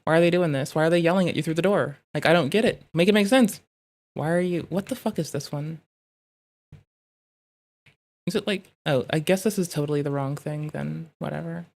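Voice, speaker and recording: A streamer giving casual reaction commentary, rambling and swearing while thinking out loud in riffs, talking into a desk mic at home. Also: mid-range voice, fairly quick, vocal fry.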